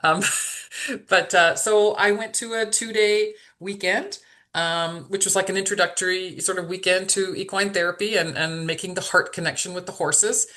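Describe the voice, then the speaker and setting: A woman's voice: fairly low pitch, pushed and bright. A woman guest on an interview podcast telling an emotional personal story, hesitant and full of fillers and restarts. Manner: hesitant, repeats words, many fillers and restarts; openly emotional, vulnerable.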